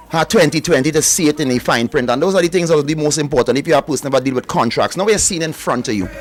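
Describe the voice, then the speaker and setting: A man with a Trinidadian accent hosting a radio call-in show, joking and laughing as he tells stories. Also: fairly high pitch. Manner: jokey storyteller, laughs often. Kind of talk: casual call-in chat.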